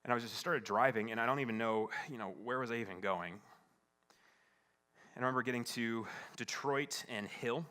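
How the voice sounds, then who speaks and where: Speaking in a mid-range voice, a male pastor shares a personal story from the pulpit at a church service. The delivery is earnest and halting, with many restarted sentences and shifts from hushed to emphatic.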